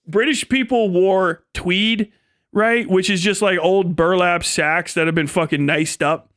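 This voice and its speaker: A man's voice: high-pitched, takes it slowly, fairly bright tone, dry recording, clean studio sound. A man hosting a live stream, delivering a rambling, profane, mocking comedic rant. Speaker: livestream host.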